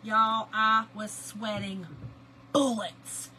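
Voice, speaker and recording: A middle-aged woman, chatting and telling animated family stories to viewers while she crafts on a livestream. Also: mid-range voice, drawn-out words, slight background noise, low-quality recording. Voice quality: lively, animated storyteller, greets chat viewers by name.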